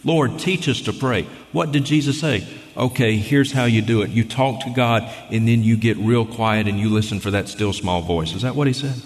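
A man's voice: fairly low pitch, moderate pace. A man preaching a sermon in an emphatic, argumentative way, reading scripture aloud and pressing his points. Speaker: guest preacher. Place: church sanctuary. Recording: long reverb of a large hall.

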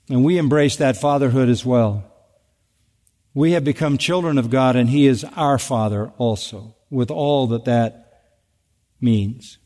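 Earnest preacher in a reverberant hall. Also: male voice, medium pitch, a little slow, mellow. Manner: earnest, emphatic, repeats key words for stress. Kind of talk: expository sermon.

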